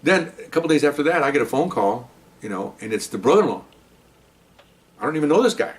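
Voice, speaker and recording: A man's voice: medium pitch, lively intonation, quick pace, pauses often, far from the mic. A man, a former police officer, telling a story in a casual monologue, acting out the other people's lines with a raised voice.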